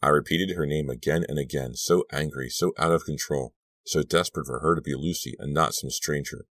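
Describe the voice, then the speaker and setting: A man with an extremely deep voice narrates an audiobook in steady, measured storytelling. The sound is close and completely dry, with no room echo. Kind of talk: scripted narration.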